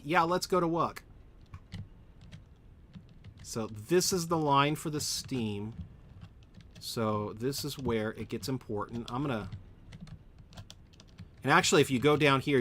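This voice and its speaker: A man's voice: mid-range voice, normal speed, fairly bright tone, slight background noise. A man thinking aloud while streaming a game at home, answering chat and often correcting himself. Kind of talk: live gameplay commentary, answering chat.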